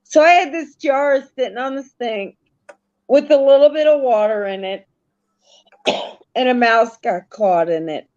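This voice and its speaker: A woman from Missouri chatting casually, telling long, unhurried stories. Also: on the high side, darkish tone, highs cut off. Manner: slow, drawn-out storytelling. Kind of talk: casual live chat.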